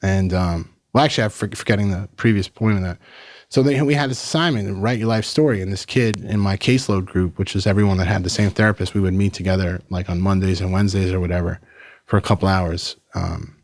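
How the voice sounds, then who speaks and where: A man in his thirties from New York tells his story as a podcast guest, casual and blunt, with plenty of swearing and "bro". His voice sits on the low side. The recording is close and dry, with no room sound. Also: fast talker, no room sound. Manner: blunt, profane, animated retelling with lots of "like" and "bro".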